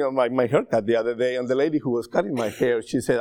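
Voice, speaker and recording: A man's voice: mid-range voice, fast talker, darkish tone, dry recording. A middle-aged man with a Spanish accent, a native Spanish speaker, preaching a sermon in a conversational way and often checking in with his listeners.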